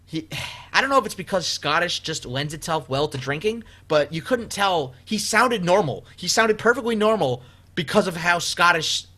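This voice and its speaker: A male podcast host who rambles through stories with animated energy and plenty of fillers. His voice is bright and sits a little high for a man. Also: moderate pace. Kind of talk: casual comedy podcast chat.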